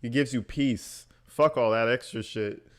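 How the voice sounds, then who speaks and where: A man riffs on recordings with blunt, profane mockery, breaking into laughter. His voice is smooth and clear at an ordinary middle pitch. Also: unhurried. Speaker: online commentator reacting to recordings. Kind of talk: casual reaction commentary.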